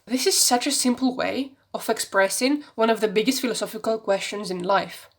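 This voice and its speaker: A woman's voice: medium pitch, a little fast, vocal fry, hardly any pauses, a bit bright. A young woman talking in a personal vlog, gushing and getting tearful as she talks about films she loves. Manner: gushing, emotional, tearful at times. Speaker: video essay creator.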